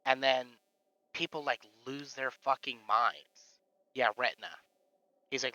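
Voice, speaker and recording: A man's voice: mid-range voice, steady tone, measured pace, sharp tone, no room sound, muffled recording. A man chatting casually on a live stream, rambling with lots of fillers and swearing. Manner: rambling, profane, full of fillers.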